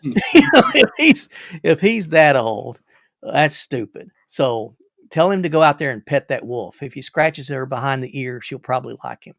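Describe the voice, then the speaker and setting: A man's voice: medium pitch, lively intonation, moderate pace, gravelly, a bit bright, dry recording, clean studio sound. An older man hosting a livestream, telling rambling stories with repeated words and chuckles. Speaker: livestream host. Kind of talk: casual storytelling.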